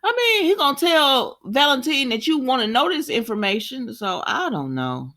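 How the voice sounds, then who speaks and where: A woman casually chatting to her viewers as she recaps a soap opera, animated and often laughing. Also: sits high, moderate pace. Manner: frequent laughter and sighs. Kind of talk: casual chat.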